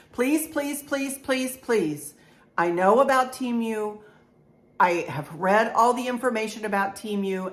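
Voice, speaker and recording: A middle-aged woman, chatting in a rambling, encouraging way as a home decor vlogger. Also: medium pitch. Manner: warm, rambling, encouraging, with many restarts. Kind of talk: chatty haul vlog.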